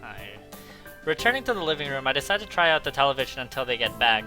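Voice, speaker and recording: A man's voice: mid-range voice, big pitch swings, quick pace, music in the background, poor audio. A man hosting a let's play, reading visual novel narration aloud with casual, jokey asides.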